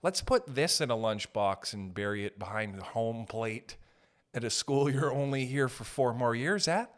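Profane rambling young man, lively pitch. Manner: profane, rambling, acts out quick voices. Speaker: podcast host. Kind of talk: solo comedic rant.

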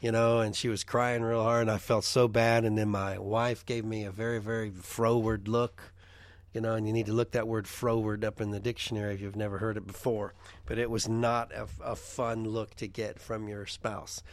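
A middle-aged man preaching informally and telling personal stories, halting often with restarts and fillers. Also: on the low side, level tone, no room sound.

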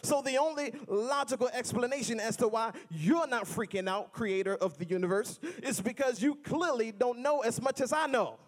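A man's voice: very high voice, normal speed, few pauses. A man preaching a sermon in a rhythmic, repetitive style, mixing humor with building refrains.

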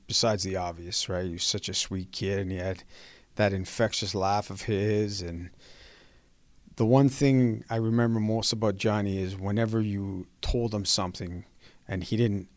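A man's voice: fairly low pitch, no room sound. A man remembering a longtime colleague fondly, rambling with many fillers. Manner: rambling, fond, with many "you know" fillers. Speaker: sports network colleague. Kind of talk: heartfelt remembrance.

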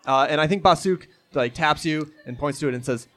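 A man's voice: on the high side, a little fast, a bit bright. A man playing and narrating a tabletop role-playing game, joking and describing scenes with many fillers. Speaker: player and game master. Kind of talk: improvised tabletop role-play.

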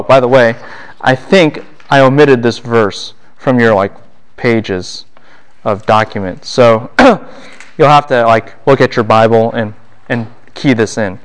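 A middle-aged man speaks at an ordinary pitch as he lectures a university class on a Bible passage. He repeatedly poses questions to the room and answers them himself, and whenever he quotes someone his voice swings up and down in pitch and loudness.

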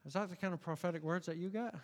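A man preaching a sermon, emphatic and challenging the congregation, swinging from loud declarations to quiet asides. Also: high voice, rapid-fire, big-room sound. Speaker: pastor.

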